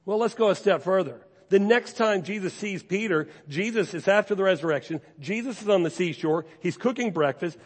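A man's voice: sits high, slightly rough. A man preaching a sermon as pastor, speaking earnestly and conversationally, repeating key phrases to urge his listeners on. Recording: long reverb from a large hall.

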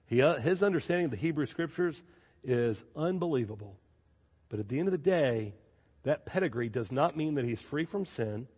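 A male pastor delivers a sermon in a lively storytelling manner, leaning on repeated phrases for emphasis. His voice sits at an ordinary mid pitch for a man. It rings out with the long reverb of a large church. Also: moderate pace, breathy edge. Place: church sanctuary.

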